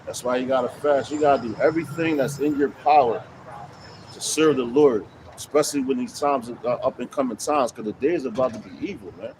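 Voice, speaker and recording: A man's voice: medium pitch, brisk. Guy preaching outside by the road, swears a lot, super casual, lots of car noise. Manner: slangy, swearing, loose and conversational. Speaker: street preacher. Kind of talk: street preaching with casual commentary. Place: outdoors on a city street. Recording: noisy street with traffic. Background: traffic noise.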